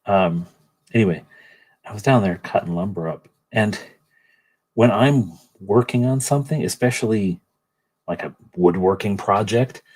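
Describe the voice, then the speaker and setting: A middle-aged man hosts a relaxed livestream, rambling along as he paints and greets his viewers by name. His voice is low and somewhat husky. He talks in a loose, chatty way. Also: unhurried. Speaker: livestream host painting miniatures. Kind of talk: casual livestream chat.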